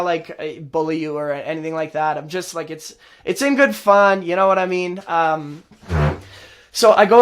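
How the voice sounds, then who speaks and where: A man hosts his own show and rants at length, his voice sitting high for a man. He swings between sarcasm and mockery as he gets more and more worked up. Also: fairly bright tone. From Canada. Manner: sarcastic, heated, mocking. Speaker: host. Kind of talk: ranting political commentary.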